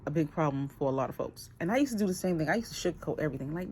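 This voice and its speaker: A woman's voice: low-pitched, rapid-fire, slight background noise. Boston woman in her 40s vlogging, swears a lot, voice swings up and down. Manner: blunt, swears freely, lively. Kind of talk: casual talk to camera.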